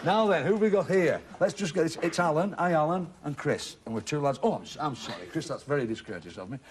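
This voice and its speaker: A man's voice: fairly high pitch, lively intonation, fast, a little hiss or hum. A middle-aged man hosting a TV game show in a studio, jovial and teasing, chatting with contestants. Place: TV studio with audience.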